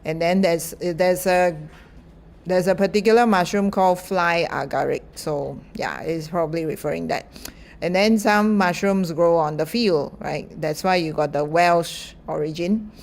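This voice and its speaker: A woman's voice: lowish voice, unhurried, creaky, a little mellow. A middle-aged woman lecturer, explaining in a chatty, informal way with many fillers and small laughs.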